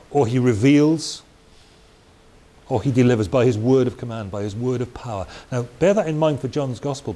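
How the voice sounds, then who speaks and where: A man from Wales, a preacher, gives Bible teaching in a mid-range, dark-toned voice. His delivery is conversational, with chatty tangents and restarts, recorded with a faint hiss.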